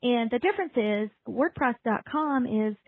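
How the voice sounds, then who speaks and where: A woman's voice: a little high, expressive, normal speed. A woman co-hosting a podcast, chatting casually and emphatically. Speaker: podcast co-host. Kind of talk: casual chat. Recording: dry, phone-like sound.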